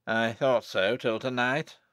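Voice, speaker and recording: A man's voice: medium pitch, fairly even intonation, slow pace, a bit bright, clear, resonant tone, dry recording. A man reading as a frightened abbot who begs forgiveness in an audiobook. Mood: guilty. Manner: pleading, sobbing. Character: guilt-stricken old abbot, pleading and fearful, male.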